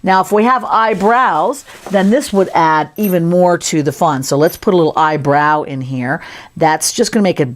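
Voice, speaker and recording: A woman's voice: fairly low pitch, normal speed. A woman giving a casual, playful sculpting tutorial, chatting as she works. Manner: chatty, playful, talks while working. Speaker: sculpting instructor.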